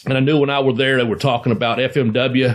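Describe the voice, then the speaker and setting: A man's voice: mid-range voice, steady tone, quick pace. A man co-hosting a podcast, a former wrestler telling rambling, profane stories and laughing as he goes. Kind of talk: casual storytelling chat.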